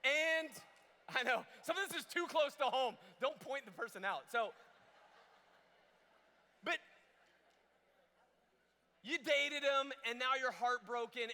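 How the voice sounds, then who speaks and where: Bright-voiced young man preaching in a hall. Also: sits high. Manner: animated, jokey, acts out quotes in different voices. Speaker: camp speaker. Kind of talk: youth sermon storytelling. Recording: echoey hall reverb.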